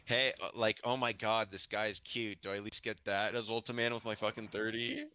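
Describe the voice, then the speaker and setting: A man's voice: lowish voice, steady tone, fairly quick, pushed and bright, slight background noise. A man chatting crudely as a player in a tabletop game, swearing and rambling.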